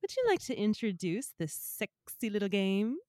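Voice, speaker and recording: A woman's voice: mid-range voice, sing-song, normal speed, darkish tone, no echo, clean studio sound. A woman co-hosting a podcast in casual banter who laughs often. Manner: giggly, frequent laughter. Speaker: podcast co-host.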